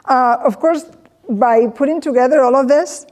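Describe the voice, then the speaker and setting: A woman with a fairly high voice tells funny personal stories to an audience. She is animated and slips into the voices of the people she quotes. Her words ring with the long reverb of a hall. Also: moderate pace. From Spain. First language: Spanish. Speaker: presenter. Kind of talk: comedic personal storytelling talk.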